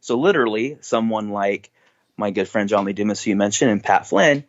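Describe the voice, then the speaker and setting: A man's voice: fairly low pitch, brisk, muffled recording. A man guesting on a podcast, talking casually in an upbeat, enthusiastic way. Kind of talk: casual interview chat.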